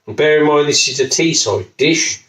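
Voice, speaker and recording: In an echoey home kitchen, a home cooking video host from Wolverhampton talks through a recipe off-mic, jokey and rambling with the odd swear word. His West Midlands voice is fairly high and fairly bright, at a moderate pace.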